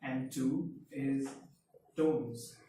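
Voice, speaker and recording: A man whose first language is Hindi teaches a language lesson and explains each point step by step. He speaks slowly and deliberately at a mid pitch. His voice bounces around a very reverberant room, picked up from a distance with a faint hiss behind it. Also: steady tone. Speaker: Mandarin teacher. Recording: very echoey room, mic far off, faint hiss.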